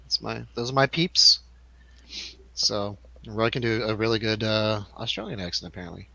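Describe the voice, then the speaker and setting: A man with a bright, forceful voice hosts a loose film review chat, laughing easily as he jokes. The sound is dry and close, with a slightly dull, lo-fi tone. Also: fairly low pitch, moderate pace, gravelly, no echo. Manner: laughs often, loose and joking. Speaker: radio show host.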